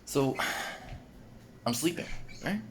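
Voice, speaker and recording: A man's voice: medium pitch, animated, slow, background noise. A man telling a rambling, casual story about his own experience, swearing and laughing often. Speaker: vlogger recounting an experience. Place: apartment bedroom.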